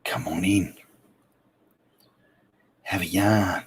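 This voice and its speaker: A man's voice: low voice, steady tone, very slow, breathy edge. Playful man chatting on a live stream. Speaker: livestream host. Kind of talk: casual live-stream chat reading comments.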